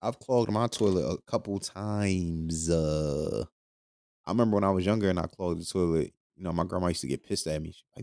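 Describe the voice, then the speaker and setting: A man with a low, mellow voice hosts a podcast in a loose, crude, joking rant. He rambles, repeats himself and laughs often. The sound is dry and close. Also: brisk, vocal fry, dry recording. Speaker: podcast host.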